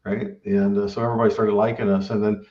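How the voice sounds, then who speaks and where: Low-voiced man in a roomy, dull recording. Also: little pitch movement, quick pace, warm tone. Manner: rambling, filler-heavy, keeps asking "right?". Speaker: restaurant owner and pitmaster. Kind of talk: casual advice talk.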